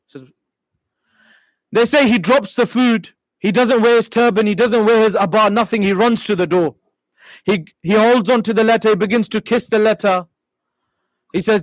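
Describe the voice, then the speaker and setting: A man's voice: sits high, moderate pace, no room sound, rough recording. A male preacher impassioned in telling a sacred story during a sermon.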